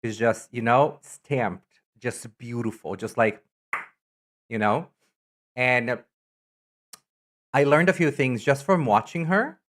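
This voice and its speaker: A woman streamer in casual live-stream chat, talkative and teasing, answering chat messages with sudden high, loud exclamations. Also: slow pace, long pauses. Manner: chatty, reacts to chat messages with loud teasing jumps in pitch.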